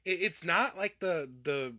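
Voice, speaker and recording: A man's voice: high-pitched, animated, a little slow, bright, forceful tone. A man co-hosting a casual podcast chat, rambling with many fillers and restarts and laughing often. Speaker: podcast co-host.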